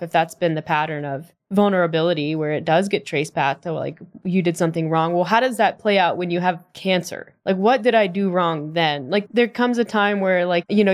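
A woman co-hosting a podcast, answering in a thoughtful, affirming way. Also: lowish voice. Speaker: podcast co-host. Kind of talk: conversational podcast talk.

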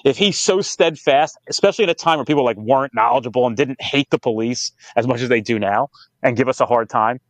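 In a dry recording, a man with a mid-range voice speaks fast as a podcast interview guest. He founded a police training company and tells cop stories with lots of swearing and lively quoted dialogue.

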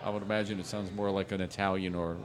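A man co-hosting a comedy podcast, relaying news stories with halting restarts and dry puns. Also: low-pitched, little pitch movement. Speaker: podcast co-host. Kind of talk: casual comedy chat.

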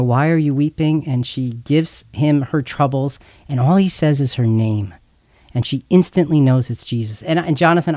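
Male Bible teacher with a slightly high voice. Earnest and explanatory, repeats words as he thinks. Dry recording. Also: a little mellow, no echo. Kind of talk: explanatory scripture talk.

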